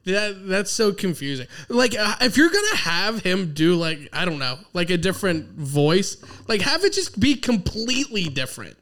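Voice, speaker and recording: An easygoing man chatting casually, with a smooth, resonant voice pitched a little high. He laughs along with the others and stammers a little as he starts his sentences. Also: very animated, moderate pace, hardly any pauses, a bit bright. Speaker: podcast co-host. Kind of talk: casual chat.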